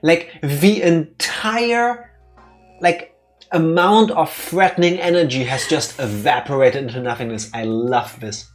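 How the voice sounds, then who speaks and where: A man hosting a let's play, commenting on the game in an excitable, joking way with quick asides. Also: fairly high pitch, faint music behind. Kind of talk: casual gameplay commentary.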